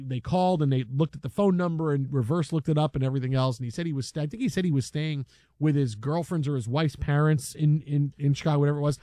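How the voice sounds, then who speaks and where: A man hosting a sports talk show who tells a story in a lively, casual way, slipping into the voices of the people he quotes. His voice sits fairly high for a man. The sound is dry and close. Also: no room sound. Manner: animated, acts out quotes.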